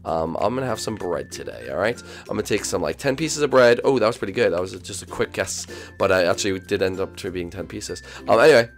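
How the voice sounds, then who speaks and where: A young man hosting a Minecraft role-play, excitable and swinging from loud shouts to mumbled asides. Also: low-pitched, quick pace, few pauses, faint music behind. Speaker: YouTube host and role-player.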